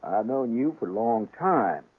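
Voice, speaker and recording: A man voicing a laconic older bait-shop keeper from Maine, speaking in a deliberate, flat voice with a Maine accent and long pauses. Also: mid-range voice, breathy edge. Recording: tinny, phone-like radio sound.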